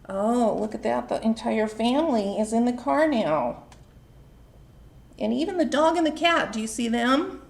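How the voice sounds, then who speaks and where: A woman, a children's librarian, reading a picture book aloud at home, slow and expressive, pausing to ask the young listeners questions. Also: on the high side.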